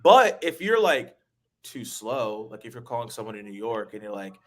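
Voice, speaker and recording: Upbeat quick-talking man hosting. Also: mid-range voice. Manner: energetic, quick talker who laughs easily. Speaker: webinar host. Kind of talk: casual webinar chat.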